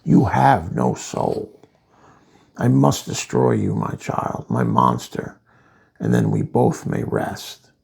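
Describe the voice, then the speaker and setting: A man doing a remorseful male scientist, gravelly voice, husky tone, speaking to his creation. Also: extremely low pitch, wildly swooping pitch, slow pace, a little mellow, pitched below the performer's own voice, exaggerated voice.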